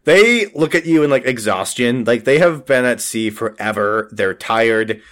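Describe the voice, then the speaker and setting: A man narrating a pirate tabletop game as game master, relaxed and rambling with frequent fillers. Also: mid-range voice, measured pace.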